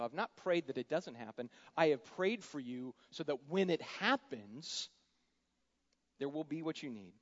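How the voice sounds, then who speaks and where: Male pastor, slightly high, conversational preaching with big loud-soft swings, muffled lo-fi recording. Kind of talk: sermon. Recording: dull lo-fi sound.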